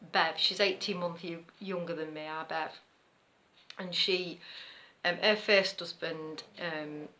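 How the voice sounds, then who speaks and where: Middle-aged east midlands woman rambling through a story, bright voice, laughs a lot. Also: on the low side. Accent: East Midlands English. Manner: chatty, rambling, laughs often. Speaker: knitting vlogger. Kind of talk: casual storytelling.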